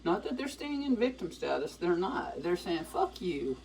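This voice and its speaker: An older woman talks while she cooks in her home kitchen. Her voice sits low but swoops up and down a lot as she rambles and swears without holding back. A pan sizzles faintly underneath. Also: big pitch swings, normal speed, creaky, a little mellow, a little hiss or hum, low-quality recording. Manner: profane, candid, rambling. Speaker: cooking vlogger. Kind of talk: casual rambling monologue while cooking. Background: sizzling frying pan.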